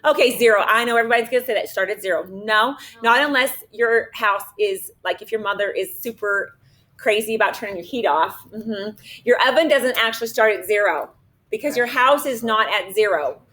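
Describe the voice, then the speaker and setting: A middle-aged woman teaching math to a class, lively and chatty, often checking in with her listeners. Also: fairly high pitch, brisk. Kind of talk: animated classroom storytelling and teaching. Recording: echoey classroom recorded from a distance.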